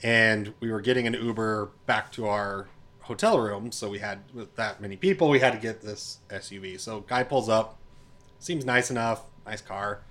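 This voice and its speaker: A man in a casual chat, telling a travel anecdote in a relaxed, easygoing way. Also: on the low side, moderate pace. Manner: laid-back anecdotal storyteller. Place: lives in Utah.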